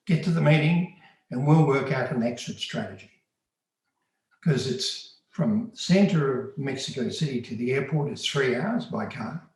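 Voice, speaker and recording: Here the storyteller describing his undercover past has a mid-range, slightly mellow voice with vocal fry. He speaks earnestly and without flourish, like ordinary conversation, in a very echoey room.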